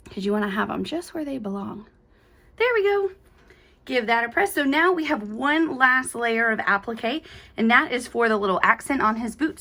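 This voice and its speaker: A woman's voice: fairly high pitch, pushed and bright. A young woman, hosting a quilting tutorial in an upbeat, chatty way with playful little asides. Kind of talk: casual step-by-step tutorial.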